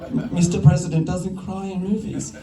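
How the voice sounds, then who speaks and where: Australian man, raised pitch, dark mellow tone, animated storyteller, echoey hall from afar. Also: normal speed. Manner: animated, self-interrupting storyteller. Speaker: film director, festival jury president. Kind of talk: onstage conversation, anecdotal storytelling. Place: festival stage before an audience. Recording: echoey hall, distant mic.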